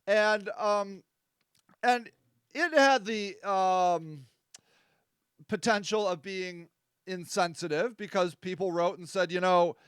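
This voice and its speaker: Male host, casual stream talk, rambling and self-mocking, high clear voice, dry sound. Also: slow, long pauses, fairly bright tone, no echo. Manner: rambling and self-deprecating, with many fillers. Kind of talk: casual live-stream talk reading viewer comments.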